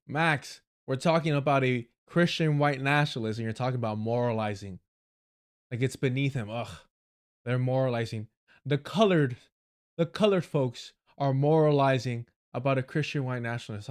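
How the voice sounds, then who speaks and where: This livestream host watches clips and reacts live, profane and sarcastic, mocking what he sees and laughing often. He speaks at a moderate pace in a mid-range voice.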